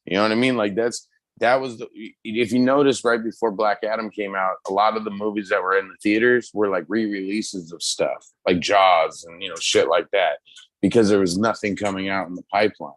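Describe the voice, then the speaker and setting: A man co-hosting a casual pop culture chat, talking loosely with lots of swearing and excited retelling. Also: on the low side, a little fast, no echo. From United States. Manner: loose, profane, excitable storytelling. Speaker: podcast co-host.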